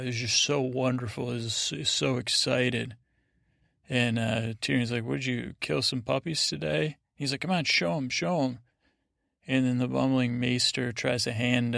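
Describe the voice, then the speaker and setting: Gravelly man rambling a sleep podcast. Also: medium pitch, a bit bright, no room sound, studio quality. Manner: meandering, retells scenes with loose quotes. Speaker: podcast host.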